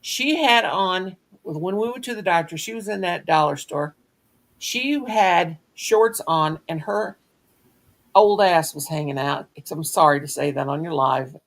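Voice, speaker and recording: A woman's voice: lowish voice, a little slow. A middle-aged woman, hosting a live crafting chat and telling folksy, blunt stories. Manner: folksy storyteller, earthy and blunt. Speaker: craft stream host. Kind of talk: casual chat on a live stream.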